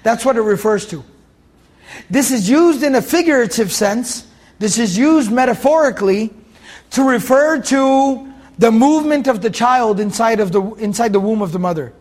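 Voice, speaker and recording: A man's voice: extremely high pitch, expressive, normal speed, a little mellow. A man giving a Quran commentary lesson, explaining Arabic words and repeating key phrases for his students. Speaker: Quran teacher.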